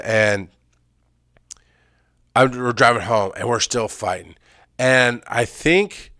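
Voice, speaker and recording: Middle-aged guy, ems worker, talking straight about his breakdown, repeats himself for punch, medium pitch, dry sound. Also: a bit bright, no room sound. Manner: intense, emphatic, repeats phrases. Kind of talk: candid personal storytelling.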